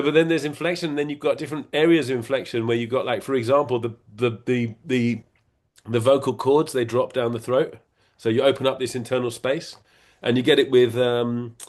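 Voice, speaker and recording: Man, middle-aged, interview guest, casual rambling talk, playful, restarts often, medium pitch. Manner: rambling, full of restarts and fillers. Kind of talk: casual conversation.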